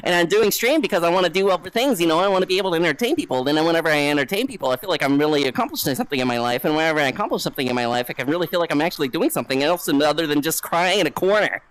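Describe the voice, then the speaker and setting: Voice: medium pitch, expressive, racing, few pauses, fairly bright tone, no room sound, rough recording. A streamer chatting casually and hyperactively on a live VR stream, swearing freely. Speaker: VTuber streamer. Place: home setup, playing VR. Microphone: VR headset setup.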